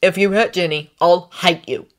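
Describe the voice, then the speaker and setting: A woman's voice: fairly low pitch, normal speed, close to an everyday voice. A woman reading a fan story aloud while voicing a teenage boy wizard, a blunt and loyal friend, in an earnest, blurting way. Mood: earnest protective.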